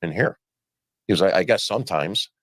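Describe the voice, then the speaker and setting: Speaking in a deep voice on a dry recording, a man narrates his experiences for a played interview, moving fast and acting out the conversations he describes.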